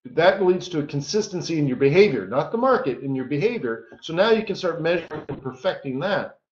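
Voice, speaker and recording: This trading coach teaches a live-streamed lesson in a slightly high, slightly mellow voice, talking a little fast with lively intonation. His style is casual and joking, and he often tosses in "right?" The stream audio is roomy, dull, and lo-fi.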